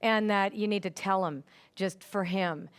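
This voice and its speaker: A woman psychic medium doing a live reading in a studio, animated and quick to repeat what she hears. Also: mid-range voice, smooth. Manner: animated, repeats spirit messages, laughs often.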